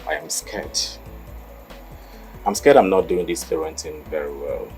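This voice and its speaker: A man's voice: very deep voice, measured pace, music in the background. An actor playing an anxious father who confides in his maid, in a film. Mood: worried. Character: worried widowed father, middle-aged man. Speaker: employer and father. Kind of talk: film acting.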